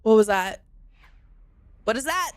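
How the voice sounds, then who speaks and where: Excitable high-voiced woman streamer. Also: a little slow. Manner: excitable, exclaims and laughs a lot. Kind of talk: live reaction stream.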